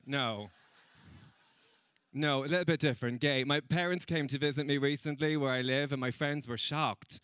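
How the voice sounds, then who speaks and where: A man's voice: a little high, steady tone, normal speed, fairly bright tone, clean tone, no echo. A young Irish man doing a stand-up comedy set on a stage, chatty and self-mocking, acting out other people's voices as he goes. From Ireland.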